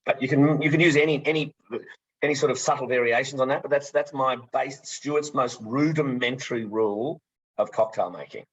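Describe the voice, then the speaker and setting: A man's voice: medium pitch, a little fast. A man presenting a gin tasting with energy, stumbling over repeated words as he goes. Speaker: distillery co-founder presenting a tasting. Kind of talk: enthusiastic casual presenting. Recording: muffled, slightly lo-fi sound.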